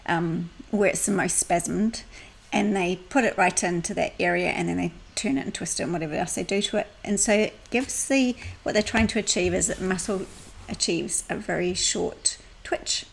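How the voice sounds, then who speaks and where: A woman's voice: on the low side, moderate pace, creaky, hardly any pauses, husky. A middle-aged woman co-hosting a podcast, telling stories in a chatty way and laughing often. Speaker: podcast co-host and salon business coach. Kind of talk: casual podcast chat.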